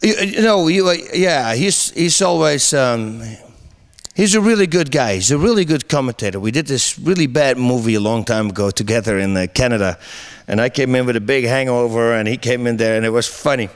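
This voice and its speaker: Animated middle-aged man telling stories. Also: mid-range voice, brisk, smooth. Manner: animated storyteller, laughs often, many restarts. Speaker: interview guest, MMA commentator. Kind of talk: casual interview chat.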